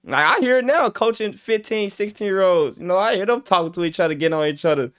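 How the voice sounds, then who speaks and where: A man talks through a rap track in a loose, animated way, slipping into teen slang impressions as he explains each line. His voice sits a touch high for a man. It sounds like a relaxed reaction-video chat. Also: quick pace, smooth. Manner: animated, mimics teenagers' slang while explaining lyrics. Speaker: father and youth coach. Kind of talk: casual music reaction commentary.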